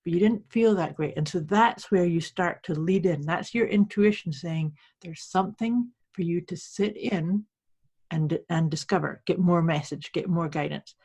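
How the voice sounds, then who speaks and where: A woman co-hosting a podcast who coaches clients, explaining her ideas in a calm, reflective way. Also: fairly low pitch, moderate pace, husky. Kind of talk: casual conversation.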